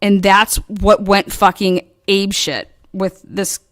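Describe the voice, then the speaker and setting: A woman's voice: mid-range voice, slow pace, no echo, clean studio sound. Profane, rambling woman recounting drama. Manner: rambling, profane, quotes others in animated bursts. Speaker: online commentator. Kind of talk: casual recounting of online drama.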